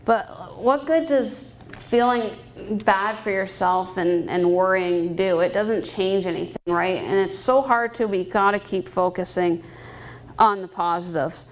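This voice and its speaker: A woman's voice: medium pitch, a little slow, low-quality recording. A woman in her thirties, a private pilot, giving a candid, upbeat personal talk at a fundraising banquet and laughing often. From Canada. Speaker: guest speaker and private pilot. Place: banquet hall.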